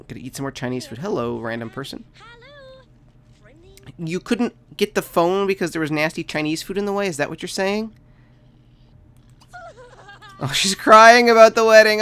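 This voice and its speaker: Creaky-voiced gamer chatting over gameplay. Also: medium pitch, fairly bright tone. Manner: chatty, talks to the game characters, bursts of mock panic. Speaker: let's play host. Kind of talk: casual gameplay commentary.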